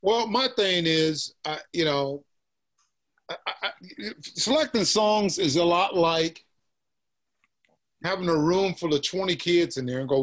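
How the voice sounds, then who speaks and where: A musician from Texas talks in a Southern accent, his voice sitting a little high for a man. He chats in an easy, laid-back way, often tossing in "man" and "you know.". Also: a little slow, a bit bright. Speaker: musician guest. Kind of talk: casual interview chat.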